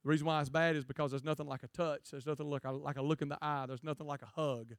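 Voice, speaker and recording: A man preaching a jokey, animated youth sermon to a live student audience. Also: fairly high pitch, fast, clean tone, no echo, studio quality. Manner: jokey, animated, acts out quotes in funny voices. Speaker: guest preacher.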